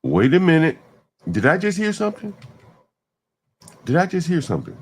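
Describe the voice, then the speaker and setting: A man's voice: a little high, huge pitch swings, normal speed, breathy edge. A man hosting a livestream, talking emphatically in repeated rhetorical questions. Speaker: livestream host. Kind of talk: ranting livestream commentary.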